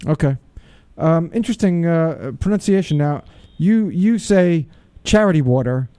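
A man's voice: a little high, animated, measured pace, dark tone, smooth, no echo. A man hosting a radio talk show, chatting casually in a playful, digressive way with frequent restarts.

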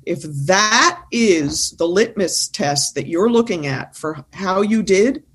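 A woman's voice: medium pitch, expressive, slow pace, slightly rough. Emphatic woman speaking coach. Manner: emphatic, insistent, teacherly. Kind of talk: podcast conversation.

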